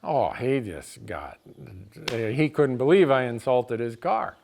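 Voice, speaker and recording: A middle-aged man telling a comic story, exasperated, swinging between quiet asides and loud outbursts. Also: mid-range voice, very animated, takes it slowly, vocal fry, slight background noise.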